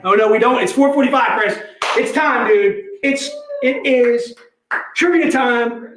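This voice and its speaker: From a company office, a man with an extremely high-pitched voice hosts a casual live sales stream, speaking a little slowly over a noisy background. He jokes around, laughs often and keeps calling people "dude," and the room gives a roomy echo.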